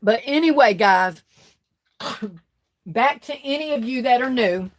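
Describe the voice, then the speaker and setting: A woman with a somewhat high voice runs a casual livestream. She reads her viewers' comments aloud and answers each one in a chatty, easygoing way. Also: expressive, slow. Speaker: livestream host.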